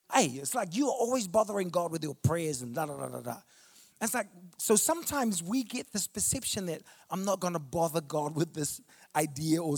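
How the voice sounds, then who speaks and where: A man preaching a sermon. He tells stories in a chatty, conversational way and then builds to emphatic, declarative preaching. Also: sits high. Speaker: pastor.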